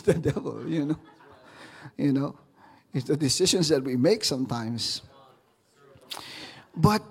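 A man's voice: a little high, breathy edge. A man pastor preaching a sermon, often stopping to repeat words as he searches for the next thought.

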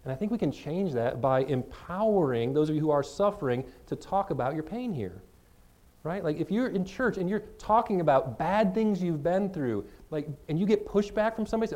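Mellow-voiced man preaching earnestly. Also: on the high side, animated, fairly quick. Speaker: pastor. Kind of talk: sermon.

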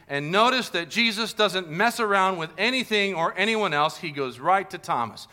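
A male pastor with a bright, forceful voice, preaching a Sunday sermon. He tells the story in an animated way, often acting out the people in it. His voice sits a little higher than most men's. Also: fairly quick, few pauses.

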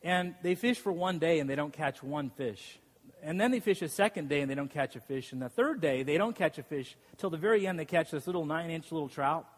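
A man's voice: a little high, fairly quick. A man preaching a sermon as a pastor, telling stories with self-deprecating humor and frequent laughs. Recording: long reverb of a large hall.

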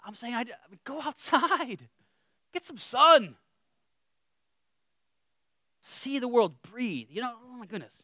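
Lively high-voiced man preaching casually. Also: slow, long pauses, dry recording, studio quality. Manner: animated, self-deprecating asides, trails off to near-mutters. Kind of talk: casual, humorous sermon.

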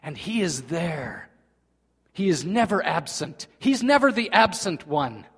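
A man preaching a sermon in earnest, swinging between loud emphasis and hushed, quiet passages. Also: on the high side, big pitch swings, a little slow, breathy edge. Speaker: pastor. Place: church sanctuary. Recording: long reverb of a large hall.

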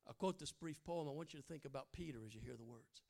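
A man preaching a sermon, folksy and humorous, swinging from hushed lines to loud bursts. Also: on the high side, fast, gravelly.

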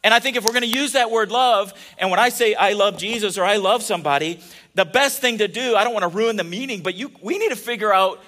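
A man's voice: sits high, sharp tone. A man preaching a casual, joking sermon, telling stories and often restarting his sentences. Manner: chatty and joking, with many restarts. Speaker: pastor.

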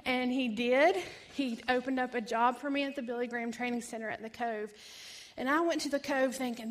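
Woman in her thirties, testimony speaker, lively storyteller who acts out quotes. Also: on the high side, moderate pace. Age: 30s. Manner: animated storytelling, acts out quoted voices, laughs often. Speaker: ministry founder giving testimony. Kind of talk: personal testimony.

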